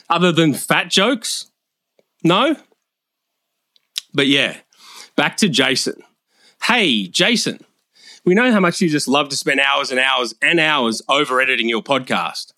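A man's voice: a little high, bright, forceful tone, no room sound, clean studio sound. A man roasting the hosts in a comedy roast, with a brash, crude, mocking delivery.

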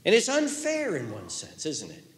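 Male pastor, sermon, lively delivery with big pitch swings, slightly high voice. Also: moderate pace, reverberant, a little hiss or hum. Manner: animated storytelling, swings from hushed to loud.

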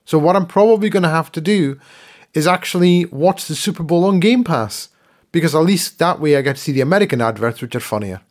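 A man's voice: a little high, lively intonation, a little fast. A man co-hosting a podcast, chatting casually and ranting, often repeating words as he gets worked up. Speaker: podcast co-host. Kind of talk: casual chat.

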